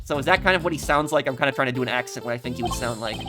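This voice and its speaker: A man's voice: medium pitch, very fast, few pauses. A man hosting a game playthrough, making amused, offhand asides over game music. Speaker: gaming channel host. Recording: game music playing underneath.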